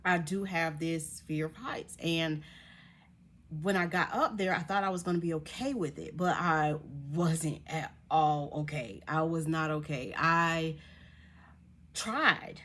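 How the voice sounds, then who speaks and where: Animated young woman telling a story. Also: low voice, takes it slowly. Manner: animated, laughs often, voices others in quotes. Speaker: vlogger. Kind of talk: casual storytelling to viewers.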